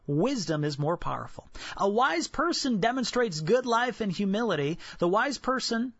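A male pastor preaches a sermon, animatedly telling stories and putting rhetorical questions to the congregation. His voice is high, and the recording is dry and dull.

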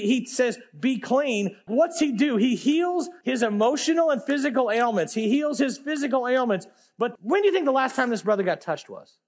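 Full of slang and energy, a man delivers a laid-back sermon. He alternates between booming, emphatic moments and hushed, low-voiced asides.

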